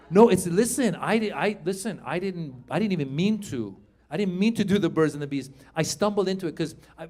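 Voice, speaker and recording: Animated high-voiced comedian doing stand-up. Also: male voice. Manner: animated storytelling, acts out voices, talks to the crowd.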